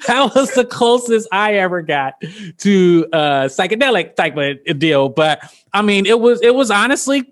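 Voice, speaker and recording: A woman in her thirties, with a mid-range voice at a moderate pace, tells stories as a podcast guest in casual chat. She's animated and profane and laughs often.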